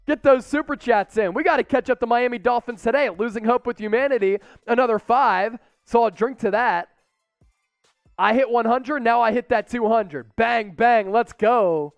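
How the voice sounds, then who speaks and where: A man hosting a live sports watch party, calling plays and cheering loudly. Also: very high voice, normal speed, dry recording, soft background music. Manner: excitable, shouts chants and play-by-play calls. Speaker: host.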